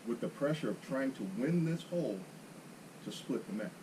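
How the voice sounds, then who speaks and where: A man's voice: mid-range voice, animated, normal speed, background noise. A man guesting on a golf chat show, retelling a round with dry, mock-serious humor. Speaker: guest golfer. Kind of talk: casual chat.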